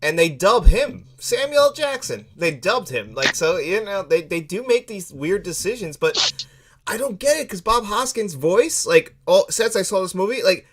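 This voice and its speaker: A man's voice: high voice, sing-song, moderate pace, a little hiss or hum. A man co-hosting a film podcast, chatting casually with frequent laughs and lots of "like". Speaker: podcast co-host. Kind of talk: casual film review chat.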